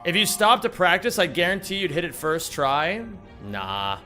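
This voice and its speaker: A man's voice: a little high, big pitch swings, normal speed, bright, forceful tone, faint music behind. A young man live-streaming a game, joking around casually and greeting viewers by name. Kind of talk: casual live-stream chat while gaming.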